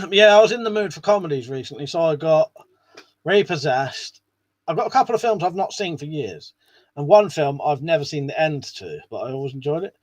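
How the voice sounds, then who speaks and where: This live stream host has a fairly high, animated voice and speaks briskly, with no room sound in the recording. He reads chat and chats with viewers in a loose, wandering manner, throwing in the occasional swear word.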